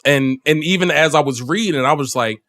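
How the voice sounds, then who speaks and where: A man's voice: fairly high pitch, brisk, fairly bright tone, no echo. A man hosting a podcast in a studio, chatting loosely and rambling, and laughing often. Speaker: podcast host. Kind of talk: casual podcast chat.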